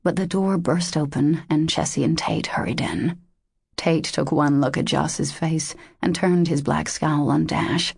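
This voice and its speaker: A woman narrating a romance audiobook in a measured, intimate way. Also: low voice, gravelly, a little mellow, breathy edge, no echo, studio quality.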